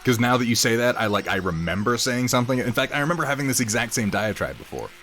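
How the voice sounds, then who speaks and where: With a mid-range, slightly bright voice, lively intonation, and a quick pace, a man chats casually on a live painting stream. He rambles, jokes at his own expense, and reads out chat names to greet viewers, faint music playing behind.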